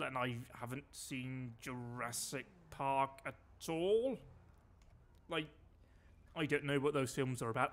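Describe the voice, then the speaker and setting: A British man streaming and talking over his gameplay, his voice sitting a little higher than most men's. He keeps up a loose, chatty running commentary and drops dry, wry remarks. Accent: British English.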